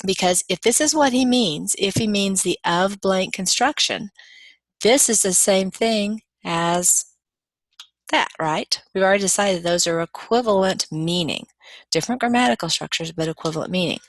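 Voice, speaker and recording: A woman's voice: mid-range voice, moderate pace, dry recording. A middle-aged woman giving a recorded grammar lecture, explaining patiently with small restarts.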